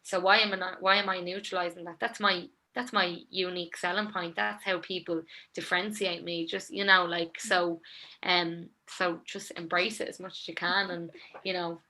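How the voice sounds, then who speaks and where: A woman's voice: on the low side, level tone, normal speed, bright, forceful tone. A young woman with a Dublin accent, talking casually and at length as a guest in an interview, with many fillers. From Ireland. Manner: chatty, rambling, lots of fillers. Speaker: songwriter and guest.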